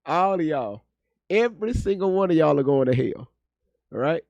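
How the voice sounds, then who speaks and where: A man's voice: on the high side, lively intonation, normal speed, creaky, darkish tone, no room sound, muffled recording. A man hosting a reaction video, ranting bluntly with plenty of profanity. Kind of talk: casual commentary.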